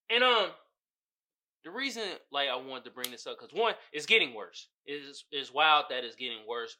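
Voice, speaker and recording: A man hosting a podcast, giving casual solo commentary in an animated, profane way, often laughing and putting on voices. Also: mid-range voice. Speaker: podcast host.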